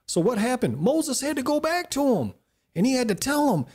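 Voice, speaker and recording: A man's voice: very high voice, normal speed, husky. A man leading a casual church panel discussion, telling stories and asking the group questions. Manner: lively storyteller, asks the group questions. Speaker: discussion leader.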